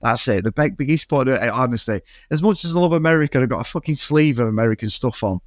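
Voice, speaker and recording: A man's voice: medium pitch, animated, fast talker, dry recording, clean studio sound. A man with a Mancunian accent co-hosting a casual podcast chat, ranting and swearing freely as he goes off on tangents. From Manchester area, England. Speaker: podcast co-host.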